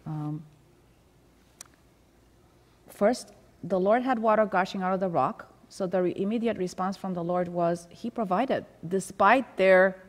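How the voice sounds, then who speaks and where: A woman's voice: medium pitch, a little slow, long pauses, big-room sound. A woman leading a Sabbath School Bible study in a conversational way, reading scripture aloud and explaining it. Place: church.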